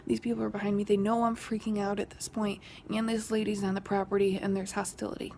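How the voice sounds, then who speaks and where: Young woman, vlogger, hushed, gravelly fry, faint background noise. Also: mid-range voice, level tone, fast talker. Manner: whispery, hushed retelling that rises when quoting an argument. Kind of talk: casual storytelling.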